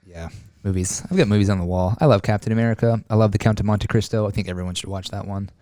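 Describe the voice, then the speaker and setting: A man's voice: fairly low pitch, fast, dark tone, no echo, studio quality. A man hosting a podcast interview, enthusiastic and affirming as he asks questions. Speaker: podcast host. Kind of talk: casual interview chat.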